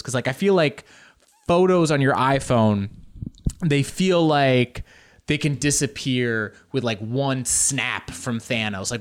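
A male stand-up comedian telling a story with animated bursts of mock outrage. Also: medium pitch.

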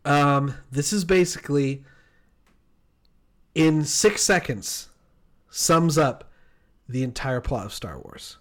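Brief: co-host, man, upbeat casual chat, high-leaning, expressive voice. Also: slow, pauses often. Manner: bubbly, laughs often. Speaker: podcast co-host.

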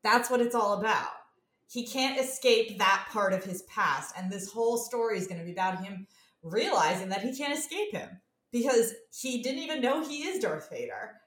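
A woman's voice: medium pitch, animated, moderate pace, fairly bright tone. A woman in casual chat reacting to a trailer, enthusiastic and speculative. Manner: enthusiastic, speculative, laughs easily. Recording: echoey room.

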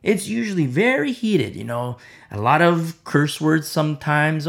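A man's voice: fairly high pitch, big pitch swings, unhurried, gravelly. A man preaching an informal sermon, impassioned and rambling, with many fillers and repeated phrases.

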